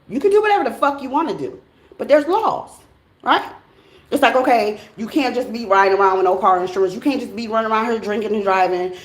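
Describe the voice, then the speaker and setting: A woman's voice: medium pitch, echoey room. Blunt, profane woman reading tarot cards. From United States. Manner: blunt, profane and animated, with slang. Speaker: tarot reader. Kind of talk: casual tarot reading monologue.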